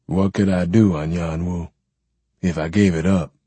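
Man doing a cold, calm ancient man, husky. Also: low voice, measured pace, dry recording. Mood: weary.

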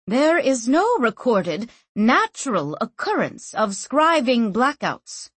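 A woman narrator voicing a composed, tired woman leader of a merchant house who speaks firmly and deliberately in an audiobook. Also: on the high side, sing-song, breathy edge, no room sound, voice pushed up, heavily acted. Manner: measured, firm and deliberate. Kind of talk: audiobook character voice.

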